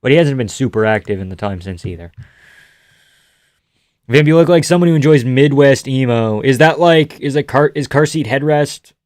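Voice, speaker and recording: A man's voice: medium pitch, animated, moderate pace, a little mellow, no echo, clean studio sound. A man hosting a casual livestream, rambling, swearing and reading viewer comments aloud. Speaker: livestream host.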